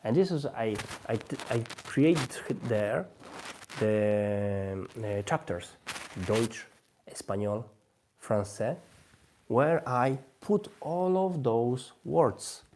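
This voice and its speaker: A man's voice: mid-range voice, expressive, very slow, background noise. Man talking through a live language tutorial. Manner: non-native English, many restarts, thinks aloud while demonstrating. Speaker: language-learning host.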